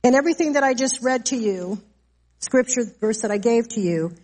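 A woman preaching a sermon, earnest and slow, giving weight to each declaration of scripture. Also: fairly high pitch, animated, a little mellow.

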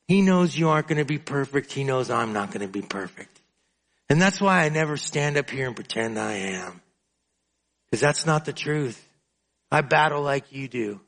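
A male preacher giving a sermon in an emotional, confessional way, often breaking into drawn-out spoken prayer. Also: a little high, expressive, a bit bright. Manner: emotional and confessional, praying aloud in drawn-out phrases.

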